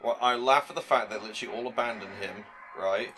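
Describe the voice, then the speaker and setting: A man's voice: mid-range voice, fast talker, pushed and bright, soft background music. A young man co-hosting a casual film commentary, blunt and sardonic, with frequent swearing. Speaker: podcast co-host.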